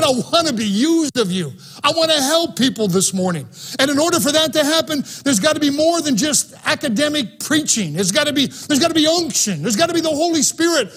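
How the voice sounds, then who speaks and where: A man preaching a sermon in an auditorium, fervent and emphatic, swinging between soft and loud passages. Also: extremely high pitch. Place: auditorium, live-streamed.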